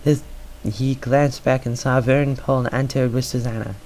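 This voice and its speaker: A man's voice: mid-range voice, steady tone, measured pace, a little mellow, rough recording. A man doing an amateur audiobook reading, stumbling over words and filling gaps with "uh". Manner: stumbling, filler-heavy reading. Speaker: reader.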